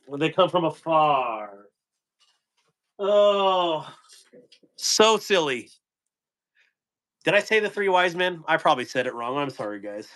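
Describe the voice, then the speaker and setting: A man's voice: on the high side, expressive, brisk, few pauses, fairly bright tone. A man hosting a casual live stream, rambling loosely and telling corny jokes to his viewers.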